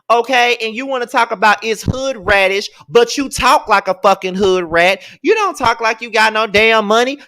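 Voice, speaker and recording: A man's voice: extremely high pitch, sharp tone. A man giving a casual rant as a commentator, sassy, profane and emphatic.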